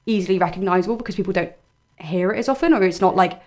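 A woman's voice: medium pitch, racing, a little mellow. A young woman, chatting casually as a podcast co-host, opinionated and playful. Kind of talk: casual chat.

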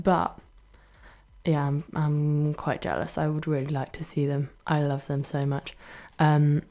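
A young woman from Brighton with a Brighton English accent, a student radio DJ chatting casually between songs, self-deprecating and laughing often. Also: low-pitched, a little slow. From Brighton, England. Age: young adult.

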